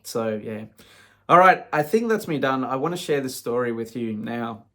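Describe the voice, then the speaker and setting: A man's voice: mid-range voice, expressive, normal speed. Man, casual vlog monologue: frank, rambling, conversational, with a mid-range voice. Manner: frank, rambling, peppered with "you know". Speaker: vlogger.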